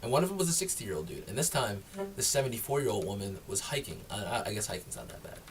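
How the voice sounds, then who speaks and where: A man's voice: fairly low pitch, very animated, fast, distant mic, faint music behind. A man co-hosting a podcast in casual chat, laughing often and acting out quotes from people in the stories. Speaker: podcast co-host.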